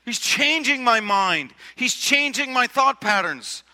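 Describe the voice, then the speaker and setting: Taking it slowly, an animated male pastor speaks in a high, ringing, very bright voice. His relaxed, conversational sermon relies on rhetorical questions and frequent repetition, while the big hall adds a long reverb tail to every phrase.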